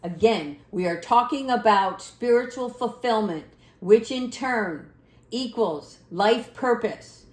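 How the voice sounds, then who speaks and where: A middle-aged woman giving a spiritual tarot card reading in a gentle, encouraging, affirming way. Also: a little high, expressive, slow. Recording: echoey room.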